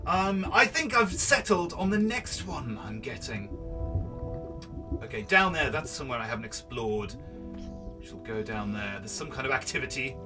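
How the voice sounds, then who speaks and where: A man's voice: medium pitch, very animated, moderate pace. A man, rambling playfully through let's play commentary. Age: early 30s. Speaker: gaming host. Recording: slightly distant mic, background music. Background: background music.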